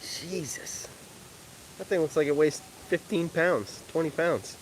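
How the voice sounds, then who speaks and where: A man livestreaming outdoors at an animal park, chatting excitedly and calling out to the animals. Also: a little high, normal speed, slight background noise, poor audio. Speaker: livestream vlogger. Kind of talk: casual livestream chat.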